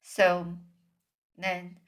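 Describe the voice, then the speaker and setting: A woman's voice: lowish voice, completely flat delivery, extremely slow. A woman reading a children's storybook aloud and then commenting on it, hesitant and full of fillers when she speaks freely. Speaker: reader.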